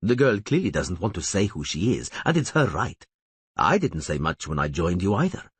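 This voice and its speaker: A man voicing a calm, reasonable young male outlaw with a foreign accent. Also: low-pitched, normal speed, husky, no room sound, heavily acted.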